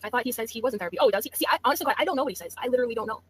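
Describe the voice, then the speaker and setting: Quick, scornful woman streamer. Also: a little high, lively intonation, fairly bright tone, breathy edge, poor audio. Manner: scornful, profane, mock-sympathetic. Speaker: YouTube streamer. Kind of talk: mocking livestream commentary.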